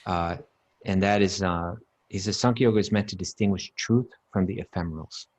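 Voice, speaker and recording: Deep-voiced man teaching scripture emphatically. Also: brisk, darkish tone. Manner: emphatic, repeats words, chants Sanskrit verses. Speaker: podcast co-host teaching scripture. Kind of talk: casual teaching talk.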